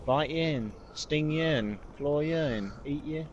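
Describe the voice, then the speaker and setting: A man's voice: fairly high pitch, measured pace, dull audio, lightly acted. A man putting on a teasing Australian bloke with a mock Australian accent, spinning tall tales. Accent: put-on Australian.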